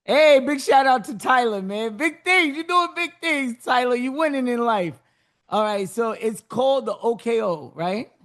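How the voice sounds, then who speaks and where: An enthusiastic podcast host with a gravelly, fry-heavy voice in a mid register. The host keeps cheering the guest on and firing questions in a loose, casual way. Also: medium pitch, animated, normal speed. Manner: hyped and encouraging, gives big shout-outs.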